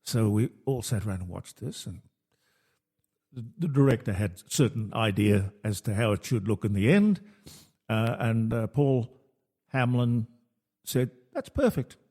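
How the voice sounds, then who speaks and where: A man's voice: fairly low pitch, measured pace, long pauses, mellow. A man hosting a radio talk show, telling stories in casual chat and quoting people animatedly.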